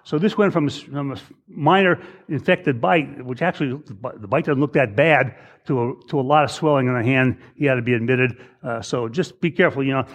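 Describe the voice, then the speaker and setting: A man's voice: medium pitch, a little fast. A middle-aged man, an emergency doctor, giving a casual case-based lecture, with frequent restarts, who acts out his patients' lines in a raised voice. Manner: conversational, repeats words, acts out patients in raised voice.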